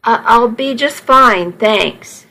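A woman's voice: a little high, slow, bright, forceful tone, exaggerated voice, rough recording. A woman voicing a guarded, exhausted young woman. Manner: guarded, tight-lipped.

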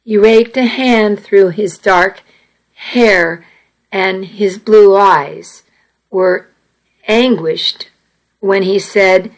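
Woman, narrator, first-person story reading, unhurried, earnest, measured. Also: medium pitch, rough recording.

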